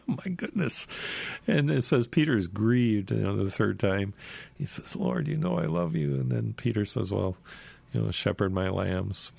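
Casual male storyteller, low gravelly voice, dry close mic, rambling delivery that jumps higher in pitch for quoted lines. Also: a little mellow, dry recording. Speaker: Bible storyteller. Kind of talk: casual Bible retelling.

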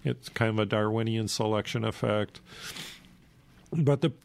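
Gravelly, breathless man talking. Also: lowish voice, fairly even intonation, a little mellow. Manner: halting, many fillers and restarts. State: short of breath, coughing. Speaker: radio host. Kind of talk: casual spoken commentary reading from a book.

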